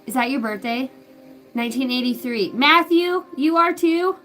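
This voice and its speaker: High-voiced rambling profane woman. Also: steady tone, moderate pace, soft background music. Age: 30s. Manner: rambling and profane, swinging between loud outbursts and soft asides. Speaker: psychic medium. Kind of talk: casual live reading.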